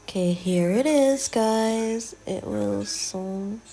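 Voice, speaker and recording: A young woman chatting casually in a soft, often half-whispered drawl as she narrates a hair-braiding tutorial. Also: fairly high pitch, slow, slight background noise. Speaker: hair vlogger.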